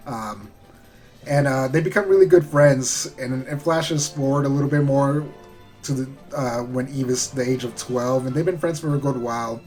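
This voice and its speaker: A man's voice: medium pitch, normal speed, darkish tone, soft background music. Man casually recapping a show episode. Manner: rambling, loose, with frequent fillers and casual swearing. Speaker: show reviewer.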